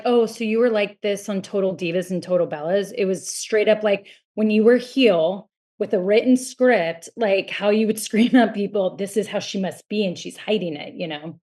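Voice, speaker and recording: A woman's voice: medium pitch, darkish tone. Chatty woman guest telling a story. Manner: chatty, filler-heavy storytelling. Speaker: podcast guest. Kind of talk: casual chat.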